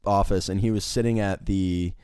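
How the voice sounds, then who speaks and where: A man's voice: low voice, steady tone, normal speed, darkish tone, clear, resonant tone, dry recording, clean studio sound. A young man casually telling a work story, rambling with lots of fillers and frequent laughs.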